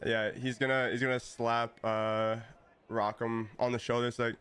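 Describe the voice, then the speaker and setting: A man's voice: mid-range voice, level tone, normal speed, a bit bright, clean tone. A man playing in an online tabletop game who laughs often and chats casually. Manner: laughing, apologetic. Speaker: player.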